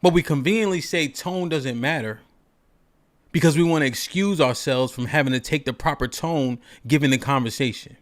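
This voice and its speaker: A man's voice: on the high side, normal speed. A man hosting a call-in show, talking in an emphatic, rhetorical way and asking "right?" after nearly every point. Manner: emphatic, repeats "right?" often; rhetorical, preachy. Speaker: podcast host.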